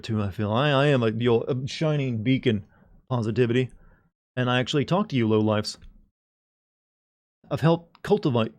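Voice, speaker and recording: A man's voice: mid-range voice, darkish tone. Rambling joking male streamer. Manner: joking, rambling, talks to chat. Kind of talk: casual live-stream chat.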